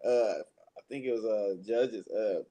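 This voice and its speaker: A man with a mellow, warm voice talks through scripture in relaxed slang. He laughs easily and keeps the tone loose and conversational. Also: on the low side, unhurried. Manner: laid-back slangy talk, laughs between points. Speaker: Bible study participant. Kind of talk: casual scripture discussion.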